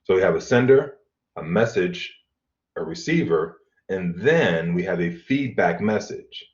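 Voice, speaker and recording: A middle-aged man teaching an online college class, explaining in a relaxed way with fillers and throat clearing. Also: low voice. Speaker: college instructor. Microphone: computer mic on video call. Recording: dull lo-fi video call audio.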